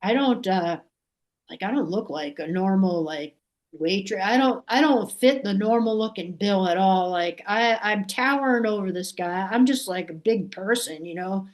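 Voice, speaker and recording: A woman's voice: medium pitch, lively intonation, normal speed. A woman from Massachusetts, a podcast guest, telling a story in a loose, rambling way, full of fillers and restarts, and acting out what others said. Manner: acts out quoted voices animatedly. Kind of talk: casual storytelling.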